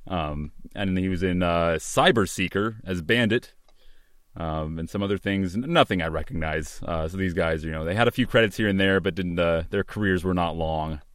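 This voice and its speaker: A man's voice: low-pitched, moderate pace, a bit bright, dry recording, clean studio sound. A man co-hosting a casual movie podcast, talking thoughtfully with frequent fillers and restarts. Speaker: podcast co-host. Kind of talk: casual movie commentary chat.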